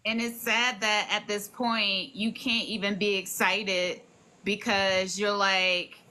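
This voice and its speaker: A woman's voice: medium pitch, level tone, slow, sharp tone, rough recording. A woman hosting a casual interview, responding to her guest with reflective, empathetic comments. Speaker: podcast host.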